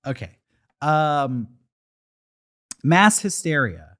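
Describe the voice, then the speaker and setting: A man's voice: on the high side, drawn-out words. A man co-hosting a podcast in casual chat, teasing his partner and telling stories. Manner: animated, teasing, storytelling. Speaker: podcast co-host.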